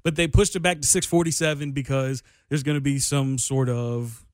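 A man's voice: medium pitch, fairly even intonation, normal speed, no echo. A young man hosting a sports radio show in a studio, talking in a loose, rambling, self-deprecating way. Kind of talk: casual sports radio talk. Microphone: studio microphone.

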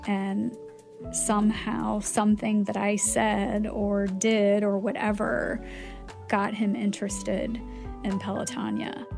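A woman guest telling a personal story in casual chat, animated and emotional, jumping up in pitch when she acts out quoted lines. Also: slow pace, gravelly, music in the background. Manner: emotional, cries easily.

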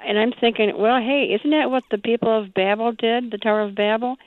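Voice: medium pitch, steady tone, brisk, no room sound, phone-quality sound. A caller on a radio show, asking a question hesitantly and with a laugh. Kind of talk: call-in question.

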